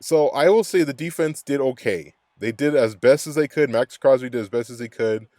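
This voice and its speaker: A man's voice: medium pitch, normal speed, warm tone, no echo. Angry, cursing man ranting. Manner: angry, profane, rambling. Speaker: sports fan vlogger. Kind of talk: ranting game recap.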